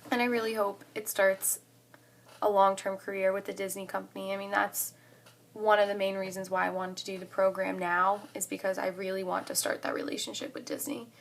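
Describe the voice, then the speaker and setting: A young woman in her twenties telling a story to the camera in a casual vlog, excited and chatty, saying "like" often. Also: medium pitch, a little fast. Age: 20s. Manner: excited and chatty, heavy use of "like". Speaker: college student vlogger.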